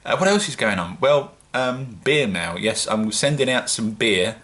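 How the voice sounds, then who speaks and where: Speaking in British English, a home-brewing vlogger chats to the camera in a loose solo vlog, rambling and self-mocking. He's animated yet unhurried, his low voice coming across bright and forward.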